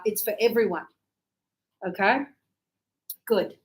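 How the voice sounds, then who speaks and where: A woman's voice: a little high, expressive, moderate pace, rough recording. A woman teaching English grammar to a class, chatty and checking in with her students often.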